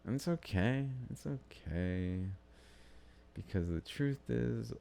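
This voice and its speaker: A man's voice: mid-range voice, animated, takes it slowly, creaky, dark tone. A man hosting a solo podcast, rambling through his thoughts in a meandering, self-interrupting way and swearing casually. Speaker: podcast host. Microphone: studio-style podcast mic.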